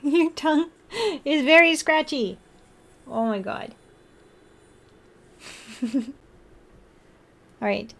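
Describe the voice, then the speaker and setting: A woman's voice: sits high, expressive, drawn-out words, vocal fry, long pauses, a bit bright. A young woman livestreaming, chatting with viewers and talking baby talk to her cat. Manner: playful baby talk to a pet. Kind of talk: casual chat with chat and her cat.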